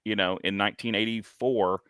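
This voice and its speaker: A deep-voiced man in his forties, bright and forceful, chatting casually about comics on a podcast. He hesitates a lot, stacking ums and restarts. The sound is close and dry. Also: fairly even intonation, fairly quick, smooth, no room sound. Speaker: podcast co-host. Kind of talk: casual comic review chat.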